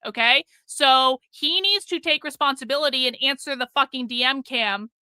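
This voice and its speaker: A woman's voice: high-pitched, normal speed, sharp tone, clean tone, no room sound. A woman hosting a live stream, ranting in a profane, combative way with a sarcastic, mocking edge, stopping to read and thank viewers' super chats.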